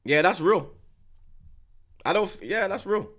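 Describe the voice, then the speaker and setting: A man, a football streamer talking in a loud, swaggering rant full of repeated slang tags. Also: high-pitched, animated, a little slow. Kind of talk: casual boastful rant.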